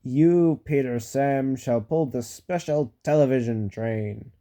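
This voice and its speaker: A man voicing a stern but kind railway boss in a storybook reading, brisk and authoritative. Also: mid-range voice, warm tone. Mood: firm.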